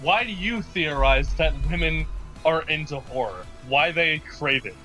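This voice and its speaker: A young man co-hosting a casual game development stream, with dry, deadpan teasing. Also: on the high side, measured pace, faint music behind, poor audio.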